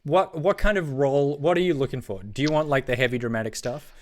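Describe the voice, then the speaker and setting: A man's voice: medium pitch, fast talker. A man co-hosting an esports broadcast, chatting casually with teasing, rambling asides and lots of fillers. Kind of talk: casual on-air banter.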